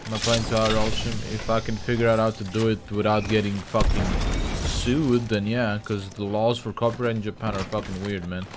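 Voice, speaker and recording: A man streaming a shooter game, chatting casually and swearing, with bursts of excited callouts. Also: fairly low pitch, fairly quick. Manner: loose, profane, excitable callouts. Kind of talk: casual chat while gaming. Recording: noisy game stream audio.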